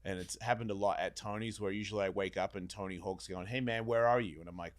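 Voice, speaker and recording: This podcast guest talks fast in a fairly low pitch, telling a lengthy personal story in a laid-back chat. Swearing freely and animated, he acts out the story's voices.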